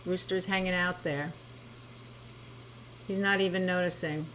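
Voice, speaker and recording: Lower-voiced woman giving a tarot reading. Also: fairly even intonation, unhurried, slight background noise, low-quality recording. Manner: gentle, reassuring, spiritual, with fillers and asides to the listener. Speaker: tarot reader.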